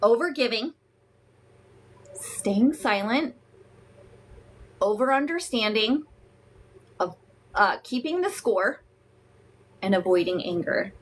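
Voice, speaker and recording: Frank, unhurried woman coach. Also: fairly high pitch, expressive, breathy edge. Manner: frank, emphatic, profane, greets viewers warmly. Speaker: host and emotional wellness coach. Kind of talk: live-streamed teaching talk.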